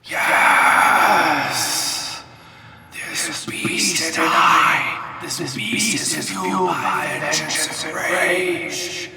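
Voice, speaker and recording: A menacing swamp wisp spirit, put on by a man, drawling its words slowly in an eerie, echoing voice that wavers between a hiss and a shout. The voice sits higher than a plain man's and sounds set back from the mic. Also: distant mic, loud music behind the voice. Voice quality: eerie echoing voice heard in the head. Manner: slow, drawn-out, half-whispered and half-shouted. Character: mystical swamp wisp spirit, vengeful guardian.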